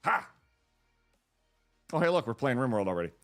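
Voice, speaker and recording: Excitable streamer man with lively pitch. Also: normal speed, soft background music. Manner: rambling, excitable, thanks viewers. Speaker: streamer host. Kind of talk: casual live-stream chat.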